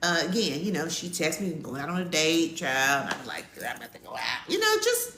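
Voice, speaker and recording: A middle-aged woman co-hosting a podcast with her wife. She tells a story casually and acts out the quotes in a high voice. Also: brisk, bright, forceful tone, slight background noise. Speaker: podcast co-host. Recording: echoey room with faint ambience.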